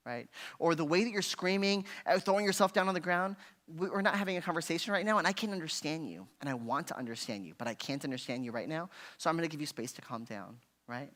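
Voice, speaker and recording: A man's voice: fairly high pitch, fast, a bit bright. A man giving a parenting workshop in a conversational teaching style, often checking in with "right?" and briefly acting out frustrated parents. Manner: conversational, constantly asking "right?"; acts out frustrated parents in a raised voice. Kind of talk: parent education talk. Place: church hall.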